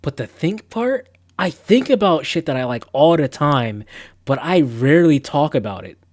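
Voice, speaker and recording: A man's voice: a little high, lively intonation, normal speed, a little mellow, no room sound, studio quality. A young man on a live stream, chatting casually and rambling in a laid-back, slangy, self-mocking way as he reads quiz questions aloud.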